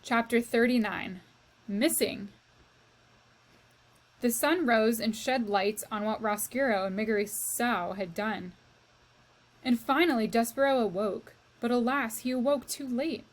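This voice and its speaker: A woman reads a children's novel aloud to a class, telling the story slowly and expressively as if speaking straight to the reader. Her voice is a little high.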